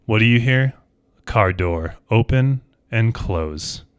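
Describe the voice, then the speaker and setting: A man running a tabletop game as game master, narrating the scene in a dramatic, animated way. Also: lowish voice, takes it slowly, smooth. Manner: dramatic, animated storytelling with second-person narration.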